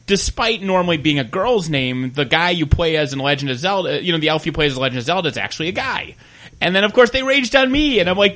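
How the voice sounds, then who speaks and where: A man's voice: on the high side, fast. A man chatting casually on a podcast with friends, telling jokey trolling stories. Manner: jokey, trolling, animated storyteller. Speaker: podcast host.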